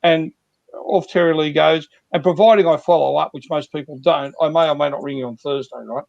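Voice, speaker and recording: High-voiced male sales coach, earnest. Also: steady tone, brisk, gravelly, a little mellow, dry recording, muffled recording. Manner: earnest, repetitive, talks through examples. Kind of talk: guest explaining sales techniques.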